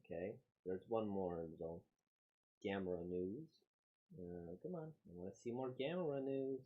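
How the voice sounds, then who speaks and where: A man's voice: lowish voice, moderate pace, breathy edge, narrow, tinny audio. A man casually reacting to a comic he is reading aloud, rambling with many fillers.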